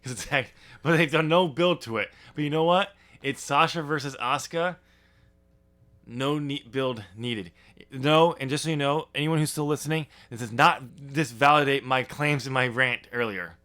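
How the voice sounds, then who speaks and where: A man's voice: mid-range voice, moderate pace, pushed and bright. A man co-hosting a casual wrestling podcast, teasing his partner and rambling with plenty of fillers. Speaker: podcast co-host.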